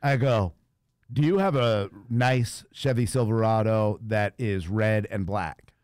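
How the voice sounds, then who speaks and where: Clean studio sound with no room echo carries this man's fairly low, slow voice. Hosting a radio show, he chats casually through a story, animatedly performing its characters' voices and laughing frequently.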